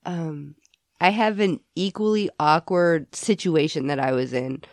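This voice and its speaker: A young woman co-hosting a podcast, chatting casually with quick asides and frequent laughs. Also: deep voice, dry recording, studio quality. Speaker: podcast co-host. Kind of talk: casual chat.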